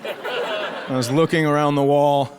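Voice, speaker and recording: Sarcastic middle-aged comic from rural minnesota swearing through a stand-up bit, higher voice, big crowd roaring. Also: male voice, fairly even intonation, slow. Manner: profane, sarcastic storytelling. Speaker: stand-up comedian. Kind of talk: stand-up comedy set. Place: comedy stage before a live audience. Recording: live show with loud crowd laughter.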